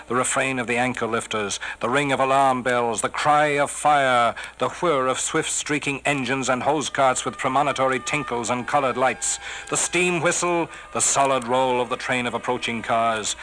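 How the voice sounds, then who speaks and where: A man giving a theatrical poetry recitation, swelling on some phrases and dropping to a hushed whisper on refrains. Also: medium pitch, rough recording. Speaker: poetry reader.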